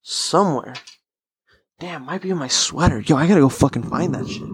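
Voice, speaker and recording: A man's voice: a little high, moderate pace, husky, no echo. A man hosting a casual solo podcast, rambling and laid-back with a lot of swearing, talking close to the microphone. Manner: rambling, profane, laid-back stoner talk. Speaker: podcast host.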